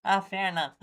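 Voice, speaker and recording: A woman's voice: medium pitch, fairly bright tone, slightly rough. A woman co-hosting a reading stream, chatting casually with playful, giggly banter. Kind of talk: casual chat.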